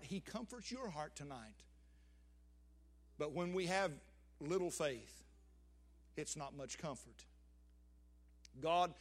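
An older man preaching a sermon, with emphatic swells and sudden drops. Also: fairly high pitch.

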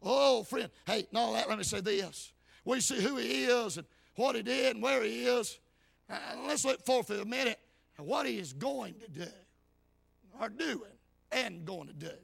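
A man preaching a hollering revival sermon in church, shouting and punctuating every line with amen and hey. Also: extremely high pitch, moderate pace, vocal fry, husky.

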